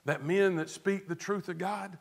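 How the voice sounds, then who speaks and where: A man delivers a sermon in a fairly high voice for a man. He is earnest, dropping to hushed tones and rising to emphatic stress. He leans on rhetorical questions and repeats words to drive a point home. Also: measured pace, vocal fry. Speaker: pastor.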